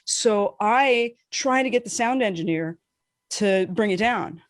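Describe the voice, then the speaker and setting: A woman podcast co-host telling a casual, animated story, swearing freely and acting out what people said. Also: a little slow, dry recording, studio quality. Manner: animated, profane, acts out quotes with big pitch swings.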